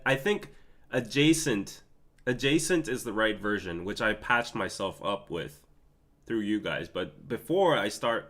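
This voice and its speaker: A man's voice: fairly low pitch, a bit bright. A man, hosting a live stream and talking emotionally to his chat. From Korea. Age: 30s. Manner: emotional, laughing, pleading with chat. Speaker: podcast host.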